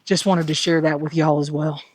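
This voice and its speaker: A woman's voice: deep voice, little pitch movement, normal speed, darkish tone, dry recording. A woman hiker vlogging from the trail outdoors, talking in an enthusiastic, folksy way to her viewers. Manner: enthusiastic, folksy, repeats "fantastic"; chatty, addresses viewers as y'all. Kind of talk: casual trail vlog to camera.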